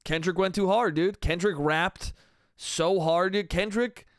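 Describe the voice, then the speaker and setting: A man's voice: high voice, a little slow, no room sound, studio quality. A young man hosting a solo comedy podcast, rambling loosely and profanely, calling everyone "dude" and "bro". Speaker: podcast host.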